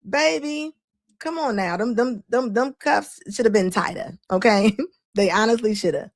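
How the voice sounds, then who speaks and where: A woman's voice: fairly high pitch, unhurried, dry recording. A woman hosting a live show and commenting on a clip, laughing often and scolding emphatically. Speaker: host.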